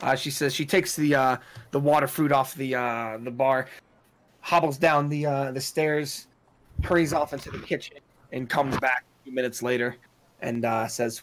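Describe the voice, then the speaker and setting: A man narrating as game master of a tabletop role-playing game, halting often with fillers and restarts. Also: mid-range voice, steady tone, fairly bright tone.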